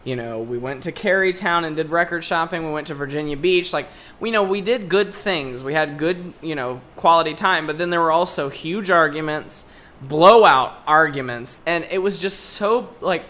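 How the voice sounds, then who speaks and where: A young podcast co-host with a bright, sharp-edged voice tells a story as a casual rant. He swears constantly and sounds exasperated throughout. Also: on the high side, normal speed. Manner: profane, exasperated ranting. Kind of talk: casual chat, ranting story.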